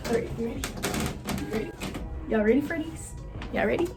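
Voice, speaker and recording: A woman vlogging casually from her room, excitable and gushing as she talks to her viewers. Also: a little high, a little fast, long pauses, over music. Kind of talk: casual vlog chat.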